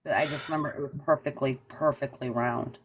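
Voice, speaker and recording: A woman with a very low voice calls in and tells her strange experience conversationally. She grows animated, slipping into the voices of the people in her story. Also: brisk, slight background noise. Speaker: caller. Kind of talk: casual storytelling.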